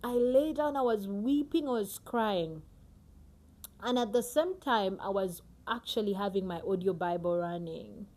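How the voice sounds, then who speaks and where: A woman giving a personal devotional Bible teaching, earnest and emotional, often sinking to a hushed near-whisper. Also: medium pitch, a little slow.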